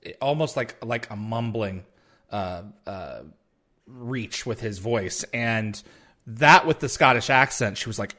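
Bright-voiced man hosting an interview. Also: lowish voice, a little slow. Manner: enthusiastic, asks questions, brief affirmations. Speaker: podcast host. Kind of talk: casual interview.

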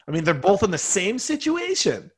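Earnest, reflective man, fairly high voice. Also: huge pitch swings, normal speed, slightly rough. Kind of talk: casual conversation.

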